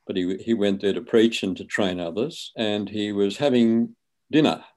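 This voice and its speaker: A man in his seventies, a guest on an interview, telling stories in a relaxed, conversational way. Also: lowish voice, moderate pace. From Australia. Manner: relaxed, anecdotal, acts out quoted speech. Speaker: guest, author and physician. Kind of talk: conversational storytelling.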